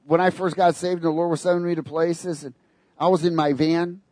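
A man preaching in an animated, sarcastic way, breaking into little laughs between his points. His voice sits fairly high for a man. The sound is dry and close, with no room around it. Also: dry recording. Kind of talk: sermon.

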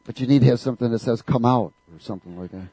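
A man delivers a fervent sermon in a church, throwing questions out to the congregation for them to answer back. His voice is mellow and warm. The recording is dry and close. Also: medium pitch, racing, slightly rough, dry recording, rough recording. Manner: fervent, call-and-response preaching. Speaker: preacher.

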